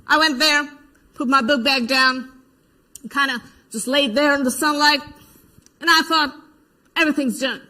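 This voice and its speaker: A woman's voice: high-pitched, steady tone, normal speed, long pauses, sharp tone. An actress playing an adult female protester in a verbatim theater monologue, giving eyewitness testimony and acting out the voices she quotes. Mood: recounting. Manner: vivid retelling that acts out quoted voices. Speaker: stage actor.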